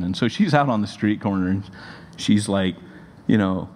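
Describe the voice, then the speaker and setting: A man in his forties, a pastor, giving a sermon in a conversational, animated storytelling manner. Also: lowish voice, normal speed. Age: 40s. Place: church sanctuary. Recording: long reverb of a large hall.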